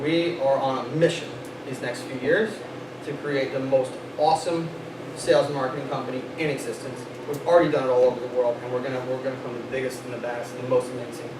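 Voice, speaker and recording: A young man, a sales company vice president, telling a lively story and acting out dialogue in a motivational speech to his team. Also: mid-range voice. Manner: animated storytelling, acts out dialogue, laughs often. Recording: echoey room, distant mic, noisy.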